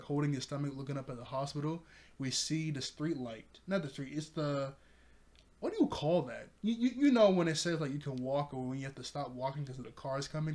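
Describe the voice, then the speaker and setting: A man sits by his TV and walks through an anime episode in a loose, chatty way. He laughs easily, trips over his words and corrects himself as he goes. His voice sits at an ordinary middle pitch for a man. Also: a little mellow. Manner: rambling, laughs often, self-corrects. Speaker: anime reviewer. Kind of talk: casual recap. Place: room with a TV.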